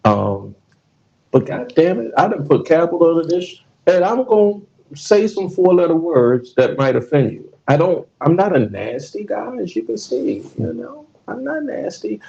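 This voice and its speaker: Male podcast host, gravelly voice, swearing storyteller, mellow tone. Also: on the high side, very animated, moderate pace, muffled recording. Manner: storytelling, profane, laughs often. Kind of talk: casual podcast chat.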